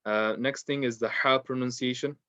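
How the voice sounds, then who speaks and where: Male teacher, mid-pitched, patient and unhurried, dry close room, slightly muffled. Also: fairly even intonation, sharp tone, no echo. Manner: patient, explains step by step with many fillers. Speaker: Quran tajweed teacher. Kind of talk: online lesson.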